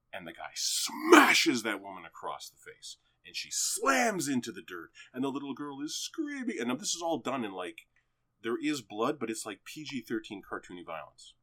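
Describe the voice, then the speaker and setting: Excitable, profane man retelling a film. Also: fairly low pitch. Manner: animated, excitable, profane storytelling. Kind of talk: casual chat, retelling a film.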